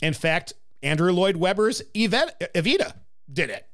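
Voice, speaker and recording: A man in casual podcast chat whose voice rides up and down with lively swings, a touch high for a man. He talks animatedly and breaks into laughter often. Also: normal speed. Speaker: podcast co-host. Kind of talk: casual chat about a film musical.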